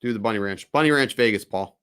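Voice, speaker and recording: A man hosting a casual live-stream chat, telling stories in a loose, profane, animated way. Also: lowish voice, fast, smooth, dry recording, studio quality. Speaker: podcast host.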